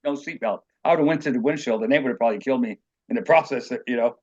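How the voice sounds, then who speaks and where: A man's voice: mid-range voice, fast talker, breathy edge, dull audio. A man being interviewed as an author, telling personal stories in a rambling, earnest way and acting out what people said. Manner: rambling, earnest, acts out quotes.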